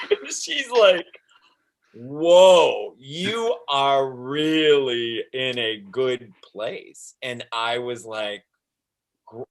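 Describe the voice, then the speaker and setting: In a casual storytelling interview, a man of medium pitch and rather bright tone describes what it was like to be the guest. He's animated, plays out the dialogue, and laughs often.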